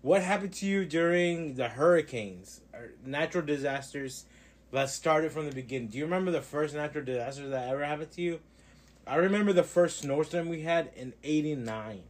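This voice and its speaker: A man's voice: on the high side, fairly quick. A man in a casual chat with a friend, joking around, swearing freely and rambling with frequent restarts. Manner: profane, joking banter.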